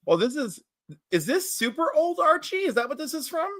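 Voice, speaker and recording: Bright, wry co-host in a dry room. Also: high-pitched, very animated, moderate pace, dry recording. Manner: wry, teasing. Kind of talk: casual chat.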